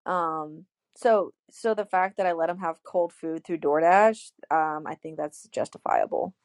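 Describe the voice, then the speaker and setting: Brief: twenties woman, low-ish creaky voice, dry close sound, animated storyteller. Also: measured pace, no echo. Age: 20s. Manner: animated storyteller, acts out quotes, many "like"s. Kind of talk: casual chat, telling a personal story.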